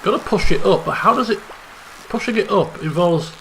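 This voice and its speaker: A young man giving excitable let's play commentary, chattering and repeating phrases in bursts. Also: sits high, fairly quick, a little hiss or hum. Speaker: gaming channel host.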